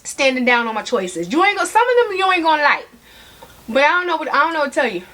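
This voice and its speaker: A woman's voice: high voice, sing-song, fast, pushed and bright. A woman vlogging about handbags in a sassy, chatty way, talking straight to her viewers while she eats. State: eating while talking, mouth sometimes full. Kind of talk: casual chat to camera.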